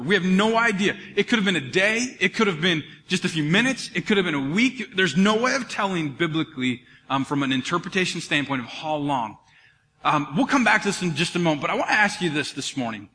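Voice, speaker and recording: A man preaching a sermon as pastor, animated and jokey, acting out the voices in the story. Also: high-pitched, long reverb tail, slight background noise.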